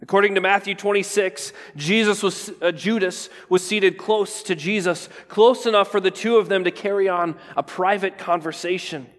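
A man delivers a sermon in a fairly high voice, leaning on pauses and letting key words sink to a hush. He often checks in with his listeners. His voice rings out with a long reverb, as in a large church. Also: steady tone. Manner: dramatic pauses, drops to near whisper on key words; preaching with restarts and rhetorical "right?". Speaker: pastor.

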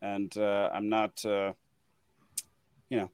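A man's voice: lowish voice, completely flat delivery, slow, a little mellow, clear, resonant tone, no echo, clean studio sound. A man hosting a casual late-night podcast, laughing often and trailing off with ums. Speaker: podcast host. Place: his home, alone with dogs.

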